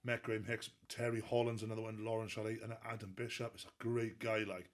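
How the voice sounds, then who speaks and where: A man's voice: on the low side, little pitch movement, quick pace, crowd noise. A Welsh man telling stories in a casual interview, laughing and swearing freely. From Wales. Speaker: guest strongman athlete.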